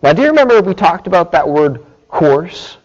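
A man preaching a sermon, explaining scripture slowly and deliberately and checking in with his listeners. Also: high voice, big pitch swings, highs cut off. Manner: slow, deliberate teaching with frequent "okay" check-ins.

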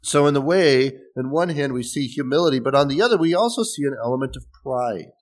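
A man's voice: mid-range voice, expressive, a little fast. A man preaching a sermon in a conversational way, explaining scripture with restarts and small laughs. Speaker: pastor.

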